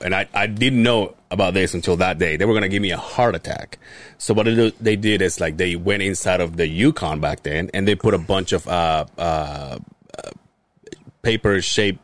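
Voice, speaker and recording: A man co-hosting a podcast, telling a story in casual chat, animated and laughing as he goes. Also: low-pitched, normal speed, no echo. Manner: animated, laughs through his stories. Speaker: podcast co-host.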